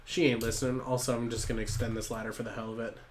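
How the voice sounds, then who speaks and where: A man's voice: medium pitch, flat delivery, rapid-fire, slight background noise. Brief: tipsy, foul-mouthed man narrating a home live stream. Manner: rambling, profane, tipsy.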